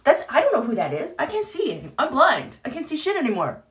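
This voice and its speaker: A woman's voice: sits high, huge pitch swings, a little fast, voice pushed up. A woman voicing a defensive, gaslighting narcissist who shrilly denies everything in mock indignation. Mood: indignant denial.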